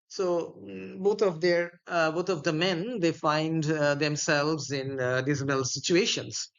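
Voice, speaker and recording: A man explaining a play in a literature lecture, halting and pausing with many fillers. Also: on the high side, steady tone, highs cut off. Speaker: literature teacher.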